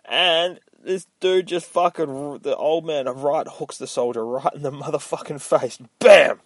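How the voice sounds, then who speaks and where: A man's voice: a little high, unhurried, few pauses, no room sound. A man hosting a casual comic book recap podcast, rambling, swearing a lot and mocking himself. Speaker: podcast host.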